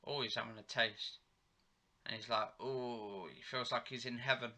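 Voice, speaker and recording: Male reviewer, casual running recap of a TV episode, retells dialogue loosely, voice very bright and tense. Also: mid-range voice, little pitch movement, normal speed. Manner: rambling, retells dialogue with "he goes" and "she said". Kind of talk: live play-by-play recap while watching.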